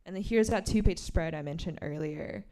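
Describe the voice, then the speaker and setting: A woman author reading from her graphic memoir and explaining its pages, a lively storyteller who acts out the quoted lines. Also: fairly low pitch, normal speed. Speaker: author at a bookstore event.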